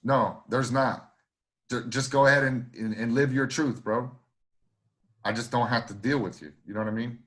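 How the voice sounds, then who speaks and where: A man's voice: medium pitch, fairly even intonation, moderate pace, fairly bright tone. A man co-hosting a podcast, talking emphatically with lots of swearing and restarts. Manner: emphatic, profane, repeats himself. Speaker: podcast co-host. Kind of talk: casual podcast chat.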